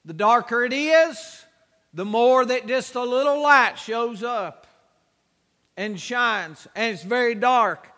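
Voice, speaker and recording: A man preaching a sermon with emphatic, repeated exhortations that swell into shouts. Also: very high-pitched, takes it slowly, long reverb tail.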